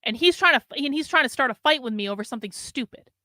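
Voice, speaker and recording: A high-voiced woman hosts a podcast, speaking fast in a studio-quality recording with no room sound. She tells a rambling, casual story, swearing a lot and peppering it with "like." The retelling is lively, with quoted inner thoughts.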